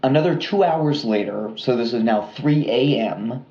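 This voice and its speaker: A man co-hosting a podcast, telling a true-crime story in a casual, relaxed way with lots of fillers and asides. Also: mid-range voice, moderate pace, echoey room, dull audio. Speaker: podcast co-host.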